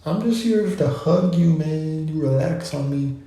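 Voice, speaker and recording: A man's voice: fairly high pitch, animated, measured pace, dark tone, voice pushed up. A man voicing a friendly talking couch that soothes like a buddy. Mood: soothing. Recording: very echoey room.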